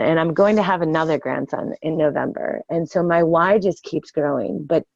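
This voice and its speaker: An older woman giving an earnest, casual training talk on network marketing, often pausing with ums and restarting her sentences. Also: on the low side, a little mellow, no echo. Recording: dull lo-fi dry sound.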